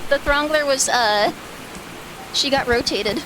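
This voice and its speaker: A woman with a high voice chats slowly and casually on a live stream from a room at home where her cats are, with noise in the background. She rambles with plenty of filler words and is giggly, often breaking into small laughs.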